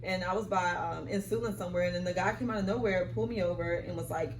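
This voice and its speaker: A man's voice: high-pitched, fairly even intonation, fast, echoey room. A man in a casual group chat, retelling a traffic stop with disbelief. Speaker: podcast guest. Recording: distant mic with voices around.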